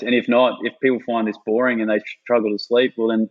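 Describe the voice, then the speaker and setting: A man's voice: mid-range voice, level tone, quick pace, narrow, tinny audio, crowd noise. A man with an Australian accent chatting casually as a podcast guest, laid-back, swearing freely and saying "mate" a lot. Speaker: guest, former army sniper.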